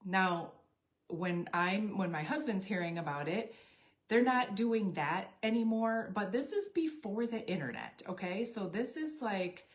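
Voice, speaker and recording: A woman's voice: mid-range voice, a little slow. A middle-aged woman telling a personal story casually, acting out bits of dialogue. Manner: animated, acts out dialogue with quoted voices. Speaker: network marketing storyteller.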